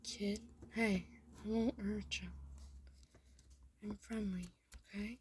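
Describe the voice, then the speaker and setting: A woman doing a gentle, nervous mutant turtle guy. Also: on the high side, fairly even intonation, slow, a little hiss or hum. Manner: nervous, soothing, half-whispered. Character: young male mutant turtle, gruff but gentle. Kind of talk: fan story reading.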